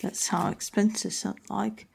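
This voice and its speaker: Brief: a woman hosting a solo talk show, easygoing and slow-paced, thinking aloud as she goes. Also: mid-range voice, little pitch movement, vocal fry, very noisy. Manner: rambling, self-correcting, musing aloud. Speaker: podcast host.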